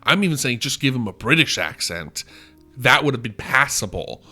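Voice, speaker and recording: A man's voice: medium pitch, big pitch swings, moderate pace, bright, forceful tone, faint music behind. A man co-hosting a movie podcast, talking emphatically in casual chat, swearing and laughing often. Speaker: podcast co-host. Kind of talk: casual film discussion.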